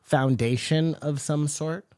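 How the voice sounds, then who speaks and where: A man's voice: fairly high pitch, slow pace, a little mellow, dry recording, studio quality. A man co-hosting a podcast in casual chat, skeptical and joking as he pokes holes in a story. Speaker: podcast co-host.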